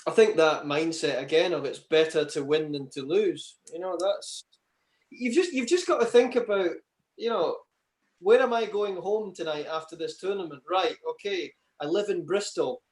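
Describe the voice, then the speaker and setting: A man's voice: sits high, normal speed, a little mellow. A man answering interview questions and telling long, chatty anecdotes, with many "you know" asides. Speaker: interview guest, table tennis player. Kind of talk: casual storytelling interview.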